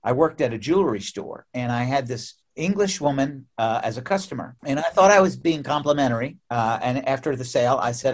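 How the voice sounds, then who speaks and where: A middle-aged American man, a musician guest in an interview, telling stories in an animated way, often restarting and laughing. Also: mid-range voice, fairly quick, few pauses. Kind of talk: casual interview storytelling.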